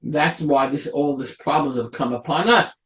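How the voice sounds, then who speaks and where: A man, a rabbi, giving a Torah lecture, explaining slowly and acting out the quotes of biblical figures. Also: a little high, fairly bright tone. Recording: echoey room.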